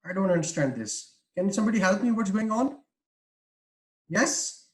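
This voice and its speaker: Over a video call, a man lectures online about research, explaining with frequent "uh"s and restarted sentences. His voice is high-pitched and animated at a normal speed, and the recording quality is low.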